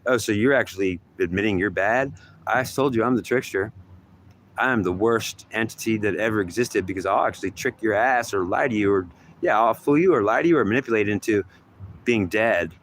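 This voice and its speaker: A man's voice: lowish voice, brisk, a bit bright, slight background noise. A man in a rambling self-dialogue, arguing back and forth with himself, swearing and repeating himself.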